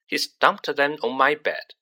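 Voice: mid-range voice, lively intonation, measured pace, pushed and bright. A reader voicing a pompous teenage boy who speaks in a dignified, long-suffering tone.

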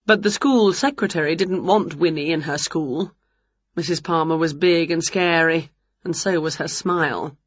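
A woman reading a children's storybook aloud with expressive, animated storytelling, on a dull lo-fi recording. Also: low-pitched, moderate pace, husky, dry recording. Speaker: storybook reader. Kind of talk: storybook read-aloud narration.

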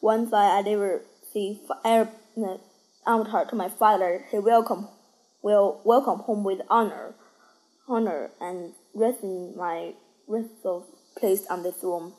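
A woman's voice: medium pitch, fairly even intonation, unhurried, a little mellow, close to an everyday voice, low-quality recording. A woman voicing a proud, angry young banished prince in a cartoon fan dub, reading defiantly with halts and restarts.

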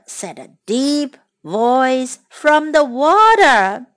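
Woman storyteller for kids, high, lively voice, slow and clear reading. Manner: expressive, slow and clear for children. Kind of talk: bilingual children's story reading.

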